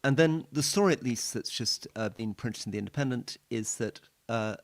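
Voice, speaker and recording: A British man co-hosting a political podcast, recounting events in a measured way. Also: mid-range voice. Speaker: podcast co-host.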